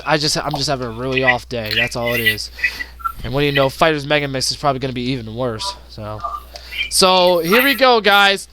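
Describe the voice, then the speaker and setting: A man streaming gameplay, talking casually through the game and shouting at it when it goes wrong. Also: a little high, background noise. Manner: excitable, groans and shouts at the game. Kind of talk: live gameplay commentary. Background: loud game music.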